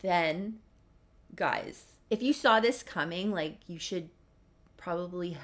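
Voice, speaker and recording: A woman's voice: lowish voice, slow pace. A woman casually recapping a soap story as a video creator, chatty and wry. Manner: chatty, wry, lots of fillers.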